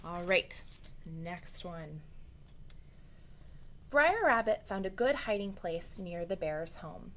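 A woman teacher reading a story aloud to students in an expressive way, with chatty asides to the children. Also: on the low side, slow, pauses often.

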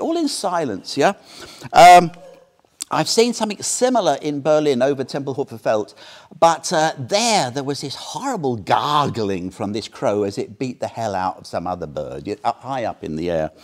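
A man in his seventies giving an anecdotal Buddhist dharma talk as a teacher, animated and often checking in with "yeah?". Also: mid-range voice. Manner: animated storyteller, tags sentences with "yeah?".

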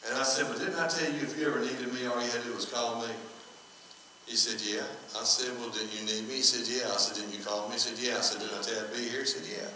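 Folksy pastor in echoey church. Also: male voice, medium pitch, fairly even intonation, fast, bright, forceful tone, a little hiss or hum. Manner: folksy, conversational storytelling with quoted dialogue. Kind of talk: storytelling sermon. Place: church sanctuary. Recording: echoey hall, from far off.

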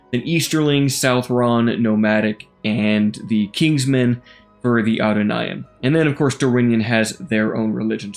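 A man casually talking through a strategy game campaign as he plays, rambling and thinking aloud with fillers. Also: medium pitch. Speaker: gaming YouTuber. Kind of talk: casual gameplay commentary.

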